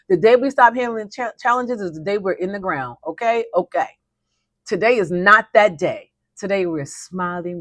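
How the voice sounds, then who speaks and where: A woman's voice: mid-range voice, dry recording. A woman hosting a weekly motivational talk, speaking emphatically and repeating her declarations in a folksy, spirited way. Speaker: host.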